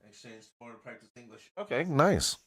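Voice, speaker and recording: A man's voice: mid-range voice, expressive, fast, dry recording. A man hosting a live karaoke stream, chatting in a rambling, joking way and talking straight to his viewers. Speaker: livestream karaoke host greeting viewers. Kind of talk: casual rambling chat.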